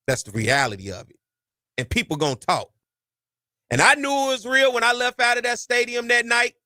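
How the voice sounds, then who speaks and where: Animated high-voiced sports podcast host. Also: male voice, no room sound, clean studio sound. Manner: animated, preachy, folksy slang. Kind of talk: casual sports talk.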